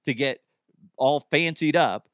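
A man's voice: a little high, slow, fairly bright tone, no echo, studio quality. A man hosting a podcast, rambling through a crude comedic monologue and laughing at his own jokes. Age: middle-aged. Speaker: podcast host.

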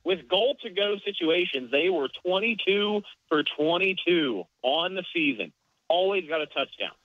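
A man's voice: high-pitched, expressive, moderate pace, dry recording. Analytical man breaking down a game. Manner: analytical, explains plays in detail. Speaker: podcast co-host. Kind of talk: casual sports podcast chat. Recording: dull lo-fi dry sound.

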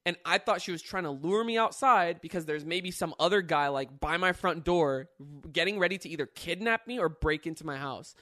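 Young guy, kinda high voice, rambly animated storytelling, lots of "like" and swearing. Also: fairly quick. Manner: animated, filler-heavy, swears often. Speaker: YouTuber host. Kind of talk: casual storytelling chat.

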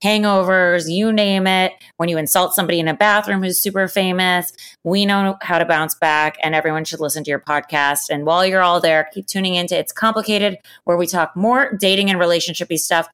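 A woman's voice: on the low side, steady tone, fairly quick, hardly any pauses, fairly bright tone, clean tone. A woman hosting a podcast, reading an upbeat, polished outro. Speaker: podcast host. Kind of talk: scripted show outro.

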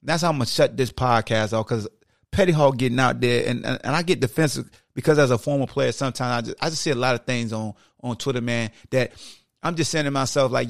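Man, gravelly voice, podcast host, animated preachy monologue, dry close sound. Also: medium pitch, fast, no echo. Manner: animated, preachy, talks straight to listeners. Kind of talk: casual sports podcast monologue.

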